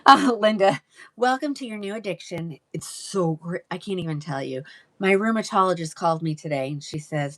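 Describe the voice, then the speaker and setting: A woman's voice: lowish voice, expressive, normal speed. A woman hosting a live wig sale, chatting casually and greeting viewers by name. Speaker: live-selling wig seller. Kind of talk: casual livestream sales chat.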